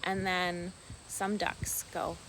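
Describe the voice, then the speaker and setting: A woman vlogging casually outdoors on a farm, talking softly and rambling fondly about her pet ducks. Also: fairly low pitch, flat delivery, slow pace, background noise. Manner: soft-spoken, meandering, affectionate toward her pets. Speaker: vlogger and duck keeper. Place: outdoors on a rural farm by water.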